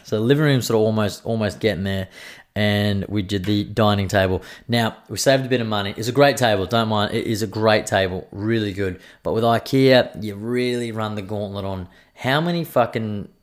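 An Australian man in his thirties talks through a rambling story from his week. He swears freely and talks in an animated way. His voice sits a little low. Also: normal speed. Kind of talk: casual storytelling monologue.

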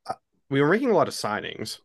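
A man's voice: medium pitch, wildly swooping pitch, fast, gravelly. A man co-hosting a casual podcast, talking hesitantly with repeated words and laughing along. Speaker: podcast co-host.

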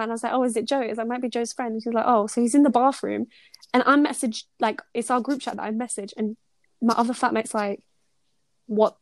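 A young woman co-hosting a podcast, telling stories in a lively chat full of fillers and laughs. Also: a little high, dry recording. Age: young adult. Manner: animated storytelling with many fillers and laughs. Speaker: podcast co-host. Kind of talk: casual chat.

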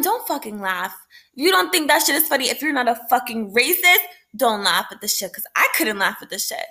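A woman vlogger rants to camera late at night, heated and full of profanity, breaking into laughs. Her voice sits high, bright and forceful.

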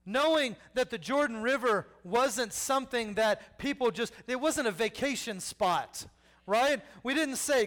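A man's voice: very high voice, a little slow, fairly bright tone. A man, preaching a sermon with humor, repeating key lines and acting out people in the story. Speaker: pastor.

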